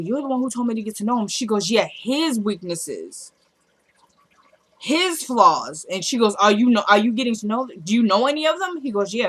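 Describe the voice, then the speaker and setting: A woman records a casual recap of a drama episode from her home. Her voice sits at a middling pitch and she talks loosely, full of asides to her viewers. When she quotes the characters she drops into a quieter voice. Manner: retells dialogue, dropping to a quieter voice for quoted characters.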